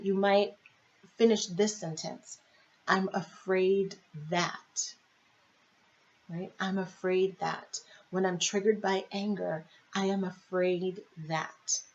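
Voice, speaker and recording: A woman coach speaks to her viewers in a somewhat low voice, guiding them with one reflective question after another. She keeps checking in with a quick "right?" The recording sounds dull and lo-fi. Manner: reflective, asks many questions, tags with "right?". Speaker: life and marriage coach. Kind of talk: coaching video monologue to viewers.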